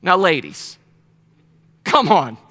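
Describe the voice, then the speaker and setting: A man teaching a Bible study in a casual, conversational sermon style, telling the story with animated asides and playful paraphrased voices. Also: high voice, takes it slowly. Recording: long reverb of a hall.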